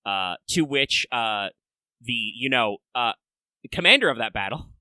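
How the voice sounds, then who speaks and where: A man hosting a casual podcast in a forceful, bright voice, recorded close and dry. He rambles along, padding his talk with filler words and restarts as he explains things to his listeners. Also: medium pitch, lively intonation, measured pace, no room sound. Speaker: podcast host.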